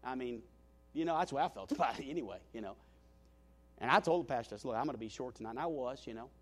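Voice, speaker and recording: A male pastor telling a story in a sermon, animated and self-deprecating, with frequent restarts and "you know". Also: medium pitch, fast.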